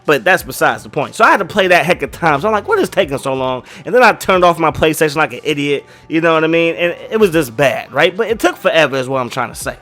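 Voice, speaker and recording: A man's voice: fairly high pitch, expressive, fast talker, hardly any pauses, fairly bright tone. A man chatting casually while he plays a video game, rambling and slangy, often asking "you know what I mean". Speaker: gaming YouTuber.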